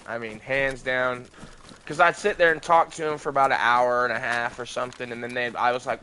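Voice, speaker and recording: A young American man talks loosely during a gaming livestream, rambling and cursing as he goes. His voice has a bright, forward tone. A faint background hiss sits under the recording. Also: mid-range voice, moderate pace, poor audio. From United States. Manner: loose, rambling, frequent swearing. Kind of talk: casual gaming livestream chat.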